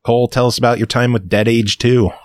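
A man's voice: mid-range voice, level tone, a little mellow, no room sound. Guy hosting a games show, dry close mic, jokey. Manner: brisk, joking. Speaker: podcast host. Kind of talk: casual chat with read game intros.

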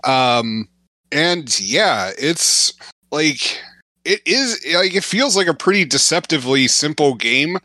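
A man's voice: a little high, animated, slow, bright, forceful tone, no room sound. A man co-hosting a gaming podcast, rambling casually with lots of fillers while describing a game. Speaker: podcast co-host.

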